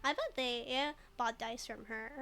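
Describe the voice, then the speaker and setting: A woman's voice: on the high side, animated, measured pace, sharp tone. A woman streaming a game who jokes, giggles often and reads chat in casual commentary. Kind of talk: casual let's-play commentary.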